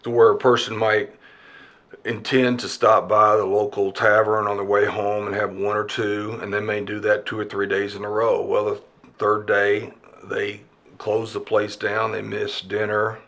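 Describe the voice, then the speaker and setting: A man with a low, gravelly voice speaks as an addiction expert in an interview. He talks in a measured way and sometimes pauses to find his words. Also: completely flat delivery, fairly bright tone. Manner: measured, hesitant, with fillers. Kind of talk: explanatory interview.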